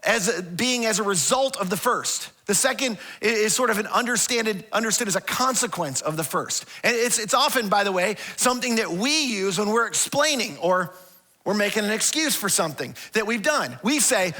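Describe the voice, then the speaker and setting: A male pastor preaching with a high, bright, ringing voice. His delivery is conversational and lively. He often restarts and repeats words, and he acts out the voices in his stories. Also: moderate pace. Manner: animated storytelling with acted-out quotes. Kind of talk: sermon.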